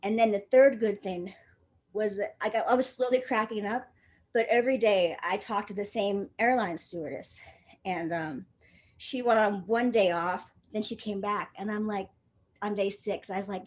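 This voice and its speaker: A woman's voice: mid-range voice, moderate pace, darkish tone. A young woman telling a personal story to an audience, casual and laughing often, with frequent swearing and filler words.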